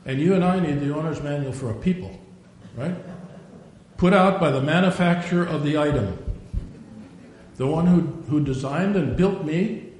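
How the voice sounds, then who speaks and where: A man's voice: fairly high pitch, moderate pace, long pauses, a little mellow. An older man preaching a sermon in a folksy storytelling way, acting out dialogue and prayers. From Norwegian. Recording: very echoey room, faint noise.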